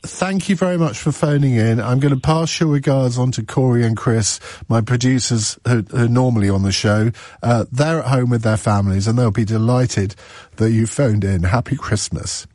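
A man's voice: medium pitch, normal speed, mellow, no room sound, clean studio sound. A man hosting a radio phone-in, chatty with stumbling restarts. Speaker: radio host.

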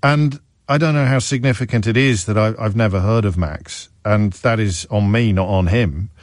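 A man's voice: lowish voice, moderate pace, no room sound, clean studio sound. A man hosting a talk radio show, musing aloud in a wry, self-questioning way. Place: radio studio. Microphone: studio microphone.

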